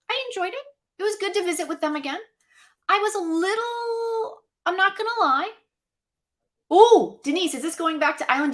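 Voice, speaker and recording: A woman co-hosting a live chat stream, talking casually and animatedly to viewers and co-hosts. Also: high-pitched. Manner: chatty, animated, talks to viewers directly. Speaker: podcast co-host.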